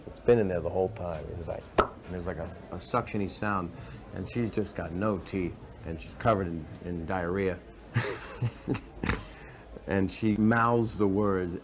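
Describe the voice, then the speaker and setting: A man's voice: low voice, normal speed, background noise. A man telling a long, crude joke as improvised stand-up, rambling and laughing at his own lines. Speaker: comedian.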